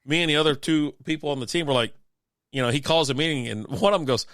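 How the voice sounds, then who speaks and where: A man with a smooth, resonant voice tells rambling, profane stories on a casual beer-and-sports stream, laughing often along the way. He is sick and has a lingering cough. The recording is dry and close, with no room sound. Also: fairly high pitch, expressive, brisk, sharp tone, dry recording. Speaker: podcast co-host.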